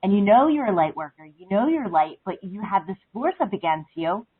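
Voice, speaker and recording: A woman's voice: medium pitch, big pitch swings, a little fast, breathy edge. A woman calling into a spiritual talk show, chatting in a rambling way full of "like" and "um". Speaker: caller. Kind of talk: casual phone-in chat. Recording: phone line.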